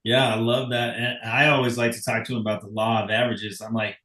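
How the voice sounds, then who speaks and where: A man's voice: mid-range voice, level tone, fast talker. Male coach with a laugh, roomy echo. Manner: warm, laughs while talking. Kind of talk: casual chat.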